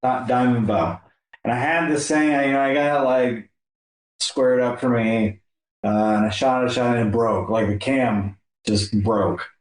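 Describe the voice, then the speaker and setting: A male podcast host chatting casually and telling a story in a relaxed, filler-heavy way. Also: medium pitch, normal speed. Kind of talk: casual conversation. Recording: echoey room.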